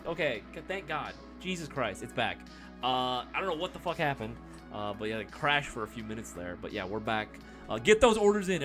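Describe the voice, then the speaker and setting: A man hosting a casual live stream Q&A, excitable and profane, who laughs easily. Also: mid-range voice.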